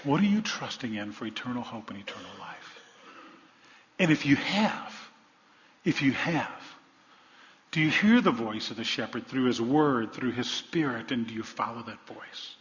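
This pastor's sermon is animated, his medium-pitched voice a bit bright and his pace moderate as he asks the congregation rhetorical questions and drives home emphatic points. The recording is dull, with long hall reverb.

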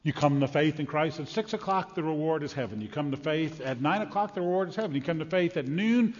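A man preaching a sermon in a lively, conversational way, acting out quotes as he goes. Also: on the high side, fast talker, big-room sound, muffled recording. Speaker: pastor.

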